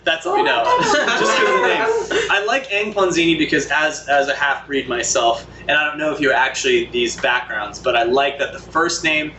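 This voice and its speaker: A man's voice: a little high, very animated, normal speed, hardly any pauses, noisy background. A man hosting a casual livestream, playfully singing improvised songs about fans' names. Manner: playful, sings made-up tunes with a guitar. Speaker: host singing for fans. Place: indoor room on a livestream. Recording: echoey room with loud guitar.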